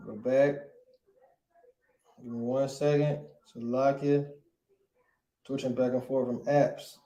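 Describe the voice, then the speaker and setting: A man teaching a casual online language class, checking in with "right?" after nearly every phrase and sounding out words slowly. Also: medium pitch, flat delivery, warm tone, dull audio. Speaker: Hebrew teacher. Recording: echoey room.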